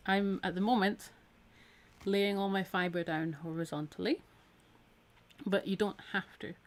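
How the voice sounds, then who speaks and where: A Scottish woman with a medium-pitched voice and fairly even intonation talks at a measured pace through a live needle felting tutorial. She's chatty and encouraging as she works, her voice a touch tired from a week of talking.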